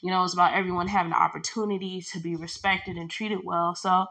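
A woman's voice: fairly low pitch, fast, vocal fry. Woman rambling through a story. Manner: rambling, animated, acts out quoted exchanges with filler words. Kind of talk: casual storytelling vlog.

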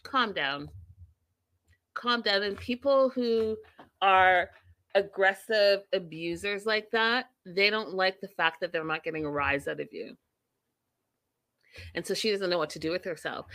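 A woman's voice: mid-range voice, a bit bright, no echo. A woman recapping a reality show in a casual vlog, blunt and opinionated, swearing freely.

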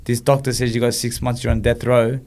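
A man's voice: medium pitch, little pitch movement, fairly quick, darkish tone. A man, telling a personal story in an interview and acting out the quoted dialogue. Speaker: guest, former boxer.

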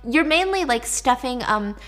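A woman narrating a dark story in a chatty, casual retelling with wry asides. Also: high-pitched, animated, unhurried.

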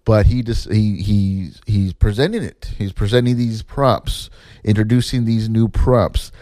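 A man casually telling a story about his theater days, swearing and jumping up in pitch to mimic people. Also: no room sound, clean studio sound. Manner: animated, swears, mimics others in pitched-up quotes. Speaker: former assistant stage manager telling a story.

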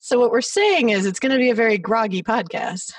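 A woman's voice: fairly high pitch, lively intonation, a little fast, dry recording, far from the mic. A woman hosting an interview podcast, chatting casually and laughing often. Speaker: podcast host. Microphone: remote recording.

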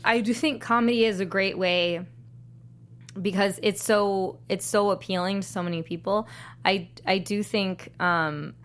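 Animated woman chatting casually. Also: mid-range voice, a little slow. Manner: animated, filler-heavy, laughing while talking. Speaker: podcast co-host. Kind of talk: casual chat.

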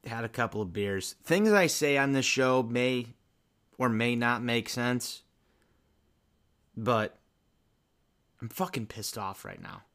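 A man's voice: mid-range voice, slow, pauses often, a bit bright. A slightly drunk man co-hosting a sports podcast, blunt and swearing. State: a little drunk. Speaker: podcast co-host. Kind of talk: casual sports podcast chat.

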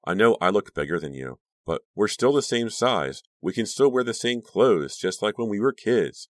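A man's voice: fairly low pitch, animated, normal speed, dry recording, voice pushed up, lightly acted. A man voicing a bubbly, pushy teenage girl who gushes and chirps and talks over others. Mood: gushing.

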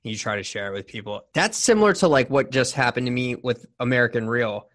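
A man's voice: mid-range voice, a little fast, fairly bright tone. Candid rambling man in his forties. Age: 40s. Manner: candid, rambling storytelling with many restarts. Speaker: podcast host. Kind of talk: casual interview chat.

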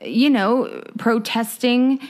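A woman co-hosting a casual podcast chat, speaking in a halting way and joking to cope with a dark topic. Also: on the high side. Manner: slow, halting, nervous laughter, jokes to cope. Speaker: podcast co-host. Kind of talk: casual conversation.

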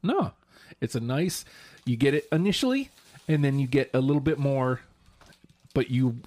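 A man's voice: mid-range voice, animated, normal speed, darkish tone, no room sound. A man co-hosting a podcast in casual chat, thoughtful and hedging as he explains at length. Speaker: podcast co-host.

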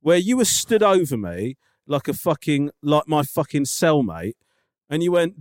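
Animated man, mid voice, teasing and sweary; dry close sound. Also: fairly high pitch, normal speed, no room sound. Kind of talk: casual banter.

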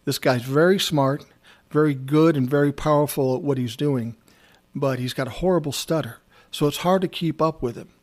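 Blunt storytelling man, slightly high voice. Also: normal speed. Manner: conversational, blunt, swears freely. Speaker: former music manager. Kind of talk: casual personal storytelling.

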